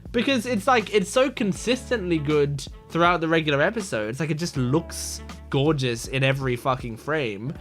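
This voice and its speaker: A young man hosting an anime reaction, talking casually in an excited, rambling way full of fillers and swearing. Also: fairly high pitch, moderate pace, hardly any pauses, soft background music.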